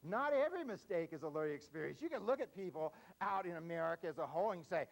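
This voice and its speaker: A man's voice: on the high side, lively intonation, fast talker, vocal fry, few pauses, rough recording. An older man giving a humorous parenting lecture, folksy, telling a story and tagging his points with "see?". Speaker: parenting speaker.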